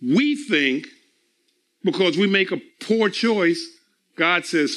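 A man preaching a sermon, emphatic and deliberate, repeating phrases for effect. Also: sits high, expressive, a bit bright. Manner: slow and deliberate, drawn-out pauses.

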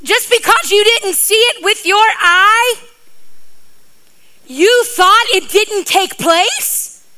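A woman preacher voicing Jesus in a sermon retelling, scolding a doubting disciple in an emphatic, pleading, drawn-out way. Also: very high-pitched, animated, sharp tone, voice pushed up, heavily acted. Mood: exasperated. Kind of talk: sermon with acted Bible scene.

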